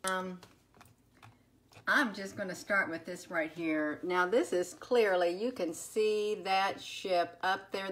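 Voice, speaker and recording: A woman's voice: fairly low pitch, slow, fairly bright tone. A woman hosting a casual live stream, greeting viewers one by one by name with many fillers. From United States. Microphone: phone.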